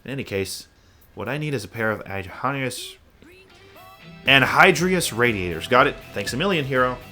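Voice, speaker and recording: A man's voice: mid-range voice, lively intonation, moderate pace, bright, forceful tone, faint music behind. An actor voicing a flamboyant young man in a video game, a hero-obsessed fan who talks in grand, theatrical phrases. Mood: admiring. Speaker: game character.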